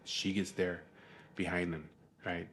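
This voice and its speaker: Male vlogger, lowish voice, rambling and profane, exasperated casual storytelling. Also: flat delivery, a little slow, a bit bright, a little hiss or hum.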